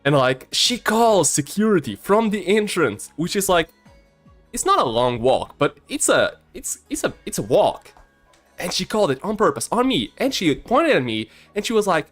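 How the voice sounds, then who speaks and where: A man's voice: a little high, moderate pace, soft background music. A man in his early twenties, a streamer casually telling a story, shy and prone to stammering. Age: early 20s. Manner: shy and stammering, with a swinging, lively delivery.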